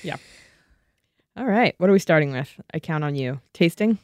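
A woman's voice: sits low, lively intonation, moderate pace, dry recording. A woman co-hosting a casual chat podcast in a studio, wry and teasing. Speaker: podcast co-host, writer and editor. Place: recording studio.

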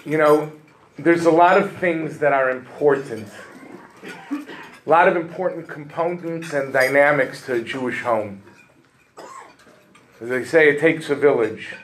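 A middle-aged man giving a sermon as a rabbi, his voice sitting a bit high for a man. He tells his story with humor and jumps in pitch when he stresses a point. Faint clinks of dishes and cutlery sound behind him. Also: unhurried, long pauses, a little hiss or hum, low-quality recording. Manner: humorous, animated storytelling with rising emphasis.

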